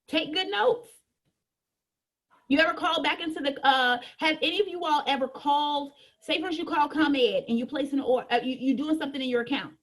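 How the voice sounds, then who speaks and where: A woman giving a sales training talk in a colloquial, animated way, talking straight to her audience and acting out customer conversations. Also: sits high, a little fast.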